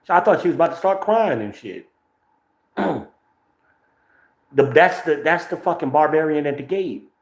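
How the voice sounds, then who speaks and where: His voice leans high and animated at normal speed, broken by long pauses and carrying reverb. He's a New Jersey-accented man from New Jersey hosting a podcast, giving brash, profane, rambling livestream commentary into a phone without a microphone.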